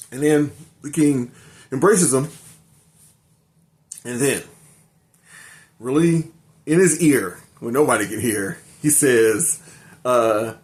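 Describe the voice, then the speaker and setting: A man's voice: mid-range voice, unhurried, pauses often. An older man casually reviewing an anime episode, rambling and correcting himself as he recaps the plot. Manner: rambling, self-correcting recap with many ums.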